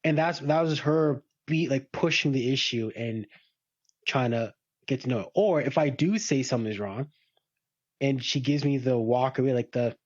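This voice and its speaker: A man's voice: medium pitch, normal speed, dry recording. Male podcast co-host, candid and chatty, muffled dry recording. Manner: candid, talks through his own relationship habits. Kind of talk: casual chat. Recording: dull dry sound.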